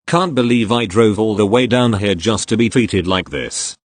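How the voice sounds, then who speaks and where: A man's voice: fairly low pitch, expressive, normal speed, dry recording. A man voicing a rude, impatient customer who speaks curtly and dismissively. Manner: curt and dismissive. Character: rude impatient middle-aged male customer.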